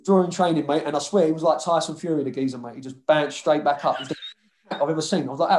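A man's voice: fairly high pitch, fairly even intonation, racing, darkish tone, echoey room. A man with a London accent, a former footballer telling dressing-room stories in a casual chat, swearing freely and laughing often. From London (Hackney).

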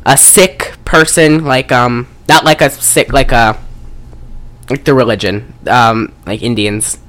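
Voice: medium pitch, steady tone, slow, a bit bright. A podcast co-host recapping a movie in a casual, rambling way, full of swearing and fillers. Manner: profane, rambling, frequent fillers.

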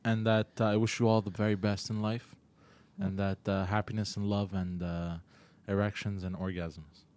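A man's voice: fairly low pitch, flat delivery, normal speed, darkish tone. A man as the co-host on a casual live stream, easygoing and protesting the teasing.

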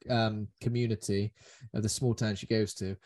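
A man's voice: on the low side, level tone, normal speed, a little mellow. Rambling jokey man. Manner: rambling, jokey, does silly voices. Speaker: podcast host. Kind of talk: casual film review chat.

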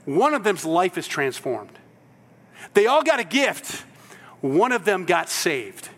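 This is a preacher with a high voice, telling Bible stories with lively energy and acting out the people in them. His tone is bright and forceful. The sound carries a long reverb from a large hall. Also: takes it slowly. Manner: animated storytelling, acts out voices in quotes. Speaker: pastor. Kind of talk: sermon.

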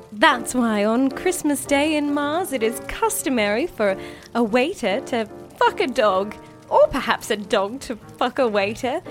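Woman telling a lively mock story. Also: fairly high pitch. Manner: mock-solemn bedtime-story tone. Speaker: storyteller mother. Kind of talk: improvised comic storytelling.

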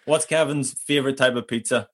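A man's voice: mid-range voice, steady tone, brisk. Playful man hosting a quiz. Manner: playful, laughing often. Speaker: podcast co-host, quizmaster. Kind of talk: casual quiz chat.

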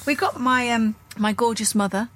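A woman's voice: a little high, normal speed, a bit bright. A woman in her thirties co-hosting a casual podcast, bubbly and teasing, eager for gossip. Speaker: podcast co-host.

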